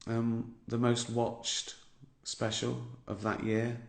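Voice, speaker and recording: A man's voice: medium pitch, monotone, slow, creaky. Wry English man telling a story. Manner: sardonic storytelling, breaks into laughter, swears casually. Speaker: comedian hosting a livestream. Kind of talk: casual livestream monologue. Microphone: phone or laptop mic. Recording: roomy home livestream audio.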